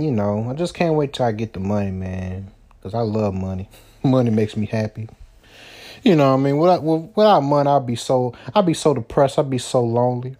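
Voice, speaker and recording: A man talks through his own solo podcast in an easygoing, rambling way. His voice sits at an ordinary middle pitch, and he keeps padding his thoughts with "you know" and "man". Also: dark tone. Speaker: podcast host. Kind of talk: solo casual podcast chat.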